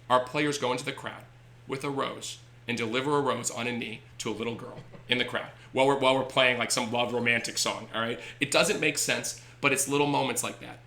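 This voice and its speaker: A man's voice: mid-range voice, creaky. A man, a baseball team owner, telling stories animatedly on a podcast. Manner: animated, acts out voices in anecdotes. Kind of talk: energetic storytelling on a podcast.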